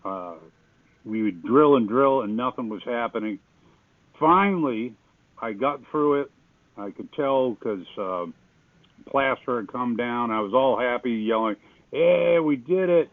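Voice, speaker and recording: A man's voice: medium pitch, measured pace, no room sound. Man walking through a DIY wiring job, folksy and self-mocking, on dry, tinny phone-like audio. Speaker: home remodeling host. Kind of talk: casual how-to narration.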